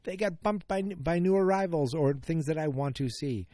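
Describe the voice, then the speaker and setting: A man's voice: fairly high pitch, normal speed, mellow, dry recording, studio quality. A middle-aged man hosting a solo podcast, talking casually in a rambling, self-interrupting way that turns openly emotional. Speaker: podcast host.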